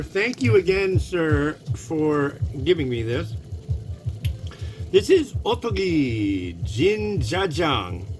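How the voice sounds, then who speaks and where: A man hosting a home cooking vlog about instant noodles, talking in a rambling, easygoing way with chatty asides. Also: a little high. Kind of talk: casual cooking vlog chat.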